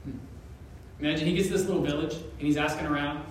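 Man preaching in a church, animated storyteller; high-pitched, heard from a distance in a roomy echo. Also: slight background noise. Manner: storytelling, animated, with chuckles and pauses. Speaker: pastor. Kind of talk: sermon. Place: church sanctuary.

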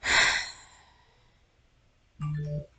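Speaking very slowly with a sharp tone, a young American woman vlogs at home at night over faint background music. She uses her computer's built-in mic, and her accent drifts slightly toward British. The talk is casual and rambling, chatty and self-deprecating, with many restarts.

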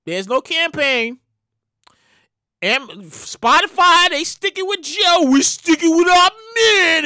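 High, lively woman ranting indignantly. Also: slow pace, dry recording, clean studio sound. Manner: animated, indignant, repeats herself, swears. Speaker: show host. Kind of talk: ranting commentary.

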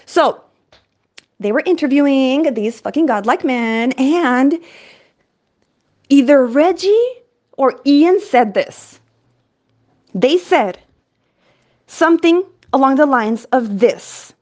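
A woman host delivering an energetic, profane, rambling monologue. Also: sits high, slow pace, pauses often, highs cut off. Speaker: podcast host.

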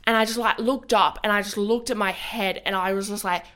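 A woman's voice: mid-range voice, steady tone, fairly quick, a bit bright. A young woman, a podcast co-host telling a story in casual chat, rambling and swearing a lot.

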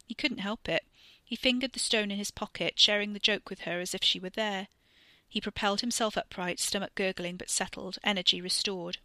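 A woman narrating a serialized audiobook story in a measured, literary way. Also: mid-range voice, steady tone, pushed and bright, no room sound. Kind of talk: scripted narration.

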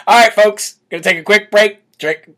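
A man with a fairly high voice hosts a live political commentary show. He talks in a brash, mocking way and stops to read out viewers' chat comments. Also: moderate pace, pushed and bright. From United States. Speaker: political talk show host.

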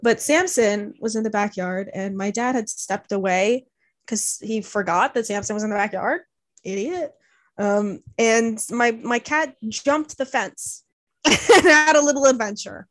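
A young woman with a fairly high voice, chatting casually and telling a story. She uses lots of fillers and acts out what her family members said. The recording is dry and close, with no room sound. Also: unhurried, a bit bright, no room sound. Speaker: podcast co-host. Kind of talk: casual chat.

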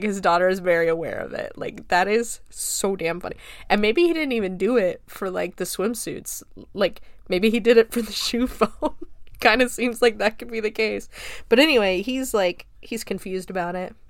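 A young woman in her late twenties talks through a movie she loves, loose and giggly, dropping swear words and "like" everywhere. Her voice sits at an ordinary middle pitch and is recorded close and dry, with almost no room sound. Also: no room sound. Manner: laughs often, swears, lots of "like" fillers. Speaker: film reviewer. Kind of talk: casual chatty film recap.

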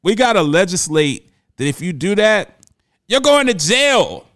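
Impassioned man with a fairly high voice. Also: very animated, measured pace, a bit bright, no echo, clean studio sound. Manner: impassioned, emphatic, voice swings up when indignant; repeats words when starting a thought. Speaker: commentator. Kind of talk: opinion monologue.

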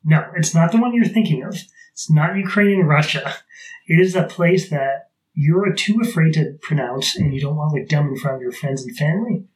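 A man's voice: a little high, lively intonation, normal speed, rough recording. A man co-hosting a podcast, chatting casually, rambling with sarcastic asides. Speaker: podcast co-host. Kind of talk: casual chat.

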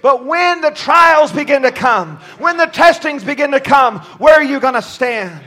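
Male preacher, very high voice, fiery sermon, loud-to-soft swings, stumbling repeats. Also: lively intonation, moderate pace. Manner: impassioned, swings from shouting to near-quiet. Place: church pulpit.

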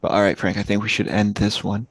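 A man's voice: on the low side, flat delivery, quick pace, husky, dry recording. A man co-hosting a podcast in easygoing casual chat, saying "dude" and "man". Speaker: podcast co-host.

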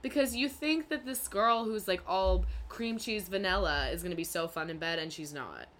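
Brash, low-voiced young woman gossiping. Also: expressive, moderate pace, slight background noise. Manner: brash, loud, swears freely, gossipy. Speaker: podcast co-host. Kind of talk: casual chat.

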